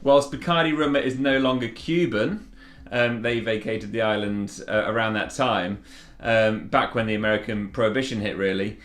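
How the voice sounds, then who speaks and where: A man's voice: on the low side, moderate pace. Man, bartender host, casual cocktail demo, chatty, echoey room. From Yorkshire, England. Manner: chatty and relaxed, with fillers and restarts.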